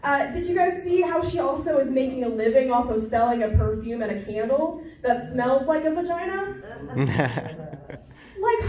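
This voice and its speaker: Young woman doing crude stand-up, higher voice, far off the mic in a really echoey club. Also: a little mellow. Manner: brash, crude, self-mocking, chatty with crowd. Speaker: stand-up comedian. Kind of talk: stand-up comedy set. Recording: distant mic in a very echoey room.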